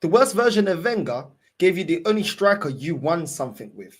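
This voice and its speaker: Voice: medium pitch, very animated, brisk, hardly any pauses, slightly rough. Heated football fan ranting. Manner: heated, swearing, repeats his points. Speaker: football fan channel host. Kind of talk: angry fan rant to camera.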